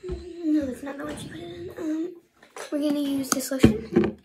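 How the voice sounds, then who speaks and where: A woman's voice: high-pitched, moderate pace, heavy background noise. A young female vlogger talking casually through her bedtime skincare routine, rambling and often half-whispering to herself. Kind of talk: casual get-ready-with-me vlog.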